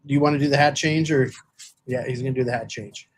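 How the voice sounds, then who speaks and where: A man's voice: medium pitch, steady tone, quick pace, slightly rough. A man co-hosting a football podcast, talking in casual chat with lots of fillers and restarts. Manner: rambling, many fillers and restarts. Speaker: podcast co-host.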